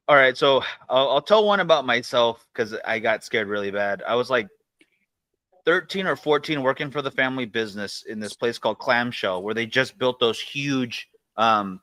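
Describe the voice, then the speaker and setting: Man, podcast host, bright tense voice, dry close mic, relaxed casual storytelling. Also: mid-range voice, no room sound. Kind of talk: casual chat.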